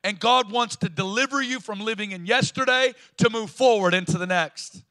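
A man with a Southern US accent preaching a sermon as pastor in a church, emphatic and building to loud declarations. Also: high voice, normal speed. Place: church sanctuary.

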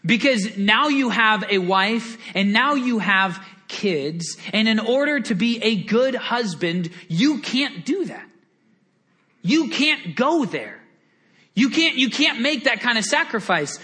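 A man preaching a sermon in an earnest, animated storytelling way, often repeating words as he goes. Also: sits high, takes it slowly. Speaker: pastor.

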